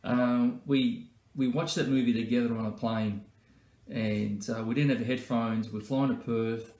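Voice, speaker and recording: Speaking at a measured pace, a man with a steady, darkish, medium-pitched voice recalls funny tales about a former colleague in a birthday tribute. His comic storytelling is anecdotal and peppered with fillers, captured with a roomy echo.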